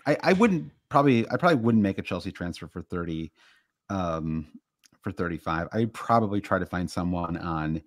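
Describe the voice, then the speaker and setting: A man's voice: sits low, lively intonation, normal speed, no room sound, clean studio sound. A man with a Midwestern American accent, co-hosting a casual podcast chat and rambling through many fillers and restarts. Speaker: podcast co-host.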